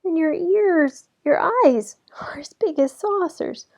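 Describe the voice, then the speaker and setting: A woman reading a storybook aloud and voicing a cheerful, innocent little girl in a red hood, her lines high and excited. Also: moderate pace. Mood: alarmed. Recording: slightly dull lo-fi recording.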